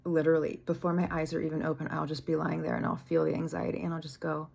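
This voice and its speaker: A woman's voice: low-pitched, monotone, quick pace, gravelly, darkish tone, slightly rough. A woman talking casually and candidly in a spiritual vlog, rambling a little, swearing freely and laughing at herself. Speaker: spiritual vlogger.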